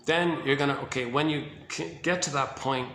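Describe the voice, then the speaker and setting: A man's voice: medium pitch, normal speed, gravelly, pushed and bright, reverberant, slight background noise. A man giving an informal lecture on psychoanalysis, talking emphatically with lots of repetition and fillers.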